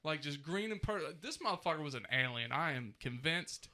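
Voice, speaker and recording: A man's voice: on the high side, brisk, slight background noise. A man in his thirties co-hosting a casual comedy podcast, ranting with lots of swearing. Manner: animated, profane ranting. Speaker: podcast co-host.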